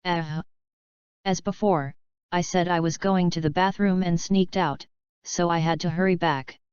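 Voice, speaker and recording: A flustered, evasive teenage schoolboy from a fanfiction audiobook, voiced by a woman in her own low, very clear voice. The sound is dry and a little dull, like a close lo-fi recording. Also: steady tone, measured pace, darkish tone, no room sound, natural voice. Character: teenage boy student hiding secret powers.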